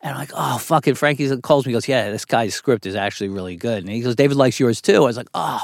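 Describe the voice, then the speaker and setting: A man's voice: medium pitch, fast talker, creaky, dry recording. A middle-aged man, a TV writer and producer, telling a long story as a podcast guest. He talks candidly, swears freely and acts out the people he quotes. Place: studio.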